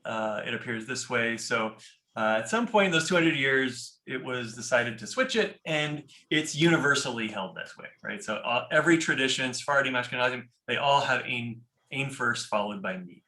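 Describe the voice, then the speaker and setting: A man's voice: mid-range voice, lively intonation, moderate pace, sharp tone, roomy sound. A man teaching a class on a prayer book, explaining step by step and often checking in with "right?". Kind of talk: informal class lecture.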